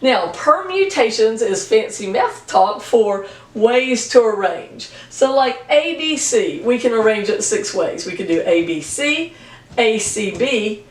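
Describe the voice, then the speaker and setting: A woman's voice: on the high side, big pitch swings, slow, distant mic. A woman math teacher giving a recorded video lesson, chatty and plain-spoken with jokey asides. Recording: echoey room, voice from off-mic.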